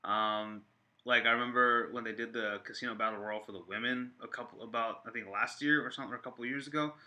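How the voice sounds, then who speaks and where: Man, casual chat, rambling with fillers, very bright sharp tone, middle pitch. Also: quick pace. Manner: rambling, many fillers and restarts, excitable. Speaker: wrestling vlogger reacting to viewer comments. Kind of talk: casual live-stream chat.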